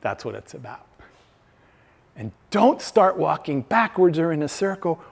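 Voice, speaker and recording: A man gives a faith-based talk to a live audience, telling stories conversationally and acting out quoted dialogue. His voice is on the high side, creaky and husky, with big pitch swings and a measured pace, and a large hall adds long reverb.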